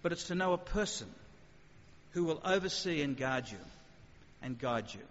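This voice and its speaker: Brief: man preaching to a live audience, animated and conversational, a fairly high voice, muffled hall recording with a long reverb tail. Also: moderate pace, slight background noise. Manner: animated, conversational, sudden acted asides. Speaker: speaker. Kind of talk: evangelistic talk with questions.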